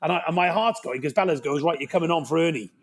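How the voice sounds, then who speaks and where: A man in his fifties with a Cardiff Welsh accent, telling anecdotes with lively energy. His voice sits fairly high for a man, and he keeps checking in with his listener as he goes. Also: quick pace. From Wales. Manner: animated, lively anecdote-telling with frequent "right?". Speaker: guest. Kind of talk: podcast interview storytelling.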